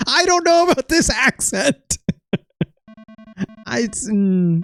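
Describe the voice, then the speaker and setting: A man's voice: high voice, animated, moderate pace, creaky, no room sound. Man doing laid-back game commentary: rambling, self-deprecating, dry close sound. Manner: rambling, self-deprecating, lots of filler and trailing off. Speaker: let's play host. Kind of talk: casual gameplay commentary.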